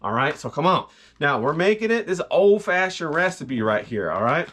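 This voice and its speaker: A man's voice: fairly high pitch, very animated, moderate pace, fairly bright tone. A man hosting a jokey cooking video in his home kitchen, boasting and hyping up his viewers. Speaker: home cook, vlog host. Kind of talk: comedic cooking vlog.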